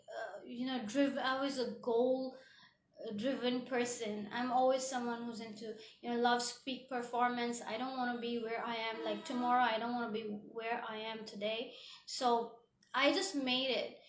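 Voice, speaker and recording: Woman, motivational vlogger, earnest and heartfelt, fairly high voice, roomy echo. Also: a little hiss or hum. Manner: earnest, heartfelt, many fillers. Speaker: motivational speaker. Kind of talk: motivational vlog talk. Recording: echoey room.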